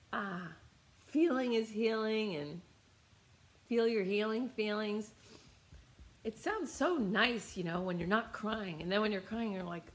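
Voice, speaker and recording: A woman's voice: mid-range voice, animated, slow, pauses often. A young adult woman, a meditation teacher, telling a personal story in a rambling, emotional way, near tears and repeating her phrases. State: tearful, near crying.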